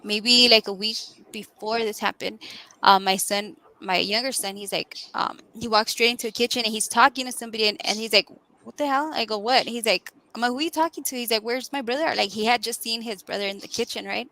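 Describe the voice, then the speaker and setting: A woman's voice: mid-range voice, a little fast, low-quality recording. A woman chatting casually on a live stream, telling a story with lots of "like" and "right?". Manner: animated storyteller, fillers like "right?" and "like". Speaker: guest co-host.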